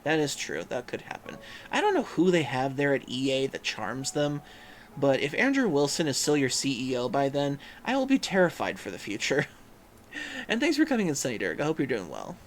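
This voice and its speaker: A man's voice: mid-range voice, huge pitch swings, brisk, a little hiss or hum. A man hosting a livestream in casual chat, reading viewers' messages aloud and musing with frequent hums and fillers. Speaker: livestream host.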